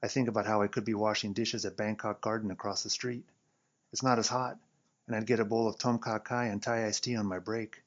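Man, lowish voice, wry first-person story reader, muffled lo-fi recording. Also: little pitch movement, a little fast. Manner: wry, sardonic narration. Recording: dull lo-fi recording.

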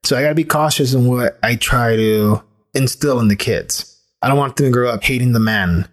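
A man's voice: medium pitch, moderate pace. Candid man talking casually about parenting. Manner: candid, conversational, rambling with restarts. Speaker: podcast host. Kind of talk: casual personal monologue.

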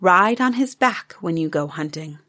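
A woman's voice: on the low side, lively intonation, normal speed, a bit bright. A woman voicing a wise, proud cave woman in a storybook fable, firm and dismissive.

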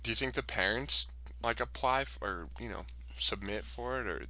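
A man's voice: medium pitch, moderate pace, pushed and bright. A young man in casual chat, reacting with laughs and exclamations.

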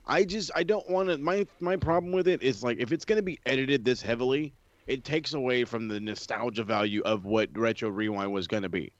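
A man's voice: mid-range voice, a little fast, no echo. A man co-hosting a casual wrestling podcast, blunt and swearing freely. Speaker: podcast co-host. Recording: dry, dull lo-fi sound.

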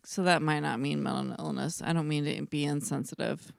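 A woman's voice: low voice, fairly even intonation, a little fast, creaky, no echo, studio quality. A woman co-hosting a podcast, rambling in casual chat, swearing freely and filling her talk with "like.". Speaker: podcast co-host.

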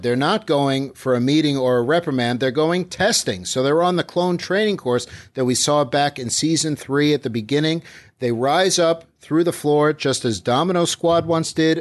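A man co-hosting a casual podcast, recapping an episode in animated chat and acting out the characters' lines. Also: fairly high pitch, normal speed.

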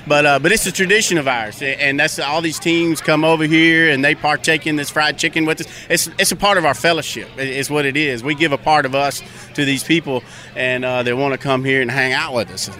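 Bright-toned man, hesitant enthusiastic chat. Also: a little high, steady tone, a little fast. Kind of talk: casual chat.

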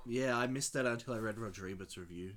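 A man's voice: on the low side, fast talker, fairly bright tone. A man in a casual movie commentary chat, easygoing and a bit hesitant, laughing now and then.

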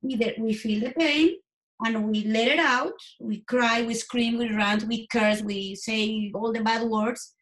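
A woman's voice: on the high side, fairly even intonation, a bit bright. A woman guest, not a native English speaker, speaking candidly and earnestly in an interview, often restarting her sentences. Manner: earnest, halting, many restarts.

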